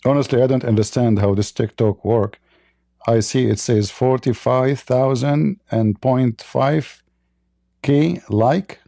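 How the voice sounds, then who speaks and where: A man hosting a livestream debate, talking casually in a slow, halting, mocking way. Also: medium pitch, vocal fry, mellow, no room sound, studio quality.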